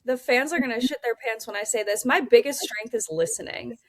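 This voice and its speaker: Blunt, animated young woman race driver. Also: on the high side, fairly quick, dry recording. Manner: blunt, animated, swears freely, acts out dialogue. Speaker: race car driver, interview guest. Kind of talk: candid casual storytelling.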